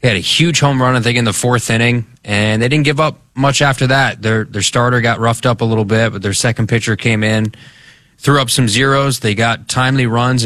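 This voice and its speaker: A man's voice: medium pitch, fairly bright tone, no echo. Joking guy sports radio cohost, dry close mic. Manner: joking, wry. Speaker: radio show co-host. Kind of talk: casual sports radio chat.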